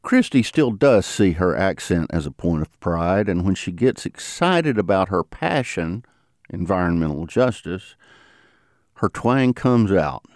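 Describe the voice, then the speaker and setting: Deep-voiced, expressive radio narrator man. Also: a little slow, no room sound, clean studio sound. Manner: conversational, expressive pitch. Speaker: radio reporter, host. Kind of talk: scripted narration.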